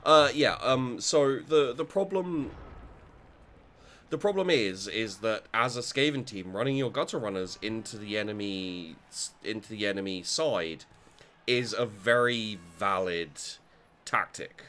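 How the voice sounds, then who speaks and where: A man's voice: lowish voice, lively intonation, unhurried, fairly bright tone. A man talking through his own game as he plays, thinking aloud and swearing freely. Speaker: gaming channel host. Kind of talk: let's play commentary.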